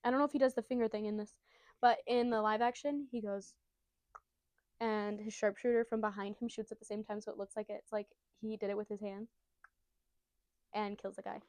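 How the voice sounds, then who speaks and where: A woman's voice: medium pitch, steady tone, a little fast, pauses often, a little mellow, no echo. A woman giving a casual, giggly and profane retelling of a comic chapter. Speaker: storyteller.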